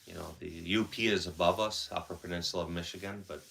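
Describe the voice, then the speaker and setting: Stuffed-up wisconsin guy on a live stream, deep voice, crisp bright tone, loose and chatty. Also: fairly even intonation, fast, slight background noise. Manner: loose, chatty, reads out viewer comments. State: congested, sore throat. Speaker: livestream host. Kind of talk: casual live-stream chat.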